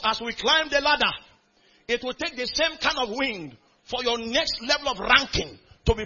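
A man's voice: very high voice, expressive, brisk, bright, forceful tone, husky, highs cut off. A man preaching a sermon in a church hall, reading scripture aloud and calling out questions to the congregation. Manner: reads scripture aloud in a rising, building cadence. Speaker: pastor.

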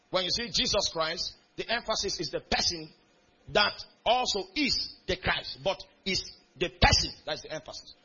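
High, bright-voiced male preacher. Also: husky, dull audio. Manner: calls out questions to the congregation; reads scripture aloud in a rising, building cadence. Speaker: pastor. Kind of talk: sermon. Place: church hall.

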